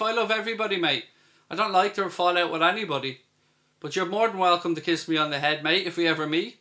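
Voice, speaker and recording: An Irish man hosts a live football watchalong in a casual, chatty way. His voice sits a little high and sounds bright and forward. He reads out viewer questions and answers them as he goes. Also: fast. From Ireland. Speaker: host.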